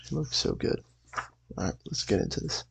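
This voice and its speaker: A young man hosting a channel, reading a comic aloud in a casual, rambling way with a raspy voice. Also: moderate pace, fairly bright tone, slight background noise, poor audio. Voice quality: raspy, gravelly.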